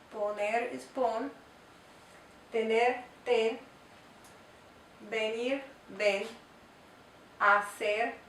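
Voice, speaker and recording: A woman teaching a grammar lesson, explaining step by step and repeating example phrases slowly. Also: fairly high pitch, fairly bright tone, slight background noise. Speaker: Spanish teacher. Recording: echoey room, voice from far off.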